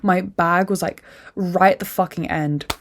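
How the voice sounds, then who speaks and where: A woman's voice: on the low side, steady tone, unhurried, slight background noise. A young woman hosting a podcast, drained and upset, venting candidly and swearing often. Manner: emotional venting, frequent swearing. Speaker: podcast host. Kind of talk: candid solo monologue.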